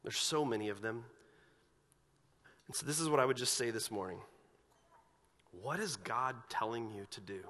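A man's voice: medium pitch, normal speed, long pauses, big-room sound. A man preaching a sermon as pastor in a church, asking earnest, searching questions of the congregation. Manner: earnest, questioning, animated when retelling scripture scenes. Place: church sanctuary.

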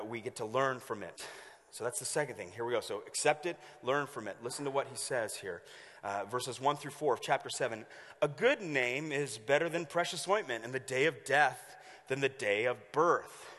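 A man preaching a sermon as pastor, telling stories in an animated way and acting out the voices of the people in them. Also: mid-range voice, moderate pace, long reverb tail. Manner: animated storytelling with acted-out voices.

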